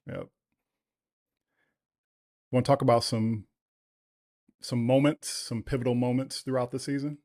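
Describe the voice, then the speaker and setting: A man co-hosting a podcast, chatting casually about a TV series, easygoing and quick to laugh. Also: medium pitch, steady tone, darkish tone. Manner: easygoing, laughs often, many short agreements. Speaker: podcast co-host. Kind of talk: casual TV review chat.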